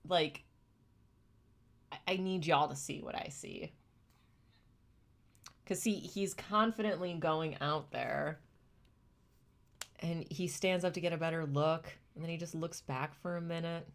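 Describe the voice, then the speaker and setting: A woman's voice: low-pitched, a little slow, long pauses. A young woman streamer giving casual, emotional commentary, thoughtful and gushing by turns. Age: young adult. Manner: emotional, gushing, often near tears; thoughtful, explaining in plain terms. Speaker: streamer reacting to chimp videos.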